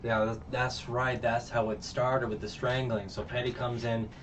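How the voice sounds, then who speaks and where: A man's voice: medium pitch, level tone, normal speed. A man casually recapping a show as a reviewer, rambling with many fillers and restarts. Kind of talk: casual chat. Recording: muffled distant mic, faint background noise.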